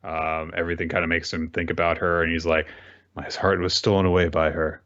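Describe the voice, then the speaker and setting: With a deep voice on a muffled recording, the co-host animatedly walks through manga chapters on a laid-back talk show. He voices the characters' lines rapidly and laughs a lot.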